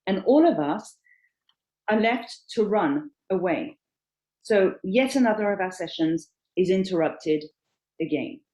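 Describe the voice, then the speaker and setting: Woman, moderator, reading prepared account, expressive emphasis, lively pitch, echoey room. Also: unhurried. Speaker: panel moderator recounting a personal account.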